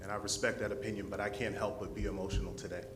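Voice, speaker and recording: A man giving an impassioned public comment at a city council podium microphone, speaking with forceful, rising indignation. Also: on the low side, little pitch movement, rapid-fire, very noisy.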